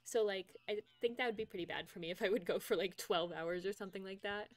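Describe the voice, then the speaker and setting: A woman's voice: medium pitch, quick pace. Chatty young woman streamer, lots of laughs. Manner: chatty, laughs often, reads out chat. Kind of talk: casual chat with viewers. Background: faint game music.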